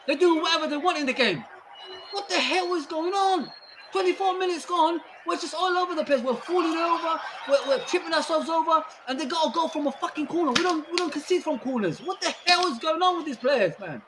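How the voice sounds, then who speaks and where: Exasperated high-pitched man ranting at his team. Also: fairly quick, background noise. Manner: exasperated, disbelieving rants. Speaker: fan stream co-host. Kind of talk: live match watchalong chat.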